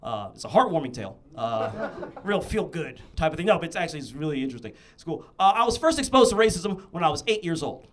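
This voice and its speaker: A young man performing a stand-up comedy set on a club stage, telling stories in an animated way with punchy asides. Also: fairly high pitch, quick pace. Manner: animated storytelling with punchy asides and frequent "you know what I'm saying".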